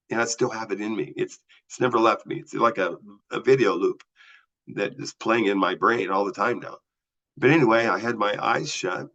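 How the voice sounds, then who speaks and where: A man telling a personal story as a podcast guest, vividly acting out the voices of the people he talks about. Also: fairly low pitch. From US Southwest. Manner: animated storyteller acting out dialogue. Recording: slightly dull lo-fi audio.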